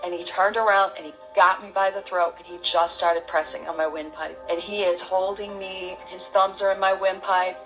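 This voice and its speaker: A middle-aged woman, an interview guest, gives a halting, heartfelt personal testimony full of restarts. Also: mid-range voice, steady tone, fairly bright tone, soft background music, low-quality recording.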